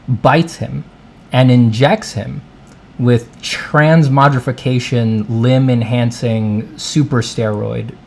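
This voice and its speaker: A man telling a long, rambling, deadpan story in a soft ASMR voice while he draws, often wandering off into side remarks. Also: mid-range voice. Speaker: artist and channel host.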